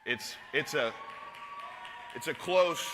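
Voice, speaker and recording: A man giving an energetic rally speech as a guest speaker, shouting and leading the crowd in chants. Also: a little high, slow. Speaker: guest speaker at a youth conference. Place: large hall with a live crowd. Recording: reverberant hall, loud crowd noise.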